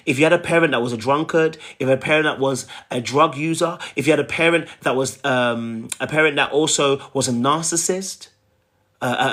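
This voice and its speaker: A man's voice: on the high side, fairly bright tone. A man giving a relationship coaching talk, emphatic and repetitive, often checking in with "okay?" and "right?".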